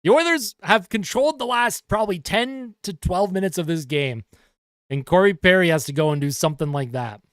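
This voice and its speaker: A young man calling hockey play-by-play as a fan on a live stream, getting excited over the action and chatting with his viewers in between. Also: sits high, a little fast, clean tone, dry recording, studio quality. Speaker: livestream host and hockey fan commentator.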